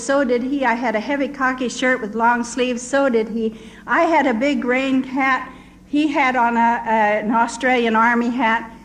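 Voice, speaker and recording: An older woman, a missionary, tells her story as an earnest, vivid testimony. Her voice is fairly high, and the audio quality is poor.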